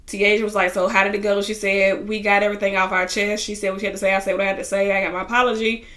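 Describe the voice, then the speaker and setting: A woman's voice: mid-range voice, flat delivery, racing, bright, forceful tone. A woman chatting casually as she recaps a reality TV episode, acting out what people said with lots of "you know.". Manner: chatty, retells scenes in quoted voices, many fillers.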